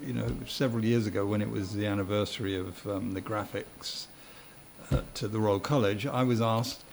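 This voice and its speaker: A man's voice: on the low side, fairly even intonation, normal speed, gravelly, a little hiss or hum. A man interviewing a designer, prompting him through his life story and summarizing as he goes. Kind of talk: interview questions.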